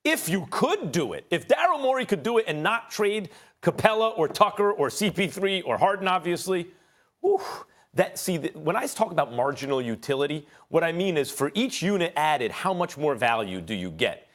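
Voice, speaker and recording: A man's voice: a little high, very animated, normal speed, fairly bright tone. A man debating basketball on a sports show, analytical and stammering as he works through his reasoning.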